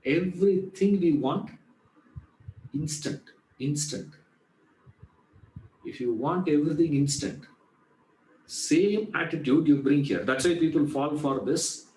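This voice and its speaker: A man's voice: a little high, slow, pauses often, a little mellow, echoey room, poor audio. A man teaching a Vedanta class in a chatty way, asking rhetorical questions and answering them. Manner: conversational, repeats "you know", asks rhetorical questions and answers them. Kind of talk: spoken class lecture.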